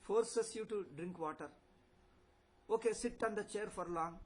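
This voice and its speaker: A man's voice: high voice, unhurried, low-quality recording. An older man teaching a spiritual lecture, emphatic and repetitive, asking rhetorical questions. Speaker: Vedanta teacher.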